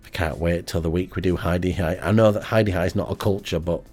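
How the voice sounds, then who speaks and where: A man rambles through a comic monologue as the host of an amateur radio show. His voice sits fairly low, and his delivery is deadpan and hesitant, thick with ums. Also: fast talker, faint music behind.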